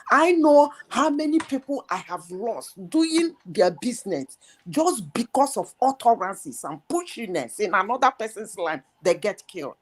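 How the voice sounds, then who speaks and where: A woman hosting a heated live debate, insistent and emphatic, firing rhetorical questions. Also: a little high. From Nigeria.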